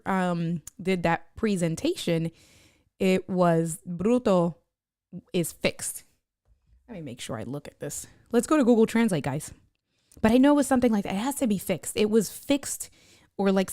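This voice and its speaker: A woman chatting on her live stream, telling a lively story, laughing often and reading viewer comments aloud. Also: medium pitch, no room sound, clean studio sound. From United States. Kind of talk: casual live-stream chat.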